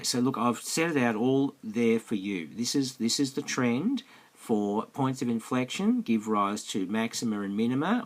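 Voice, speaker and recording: A man teaching maths in a screencast lesson, chatty and repetitive, often checking that students follow. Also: fairly low pitch. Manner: chatty, repeats himself, asks students questions. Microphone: close mic over a tablet screencast.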